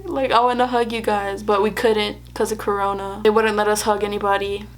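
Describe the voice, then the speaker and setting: A woman's voice: medium pitch, flat delivery, brisk. A young woman vlogging, telling a personal story in a chatty way, laughing often and acting out what people said. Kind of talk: casual storytelling to camera.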